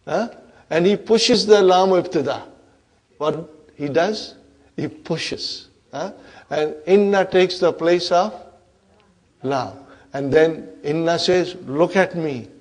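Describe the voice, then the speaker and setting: A man's voice: fairly high pitch, takes it slowly, a little mellow. A man whose first language is Urdu teaches an Arabic grammar lesson, questioning the class and checking in often. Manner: keeps checking in with "huh?" and asks the class questions.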